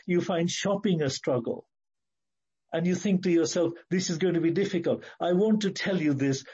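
A man with a fairly high but dark, mellow voice delivers a sermon with earnest, measured emphasis. His tone is husky and breathy. The recording sounds dull and lo-fi. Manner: earnest, measured preaching with slow emphatic phrases. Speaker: preacher.

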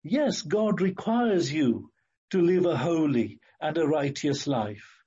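A man preaching a sermon in an earnest, emphatic way, repeating key phrases and slowing down to stress words. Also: fairly high pitch, expressive, warm tone, husky, lo-fi sound.

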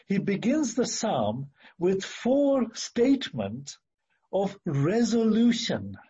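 Slow, husky-voiced man preaching a sermon. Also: sits high, mellow, muffled recording. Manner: slow, deliberate, emphatic with hesitant fillers.

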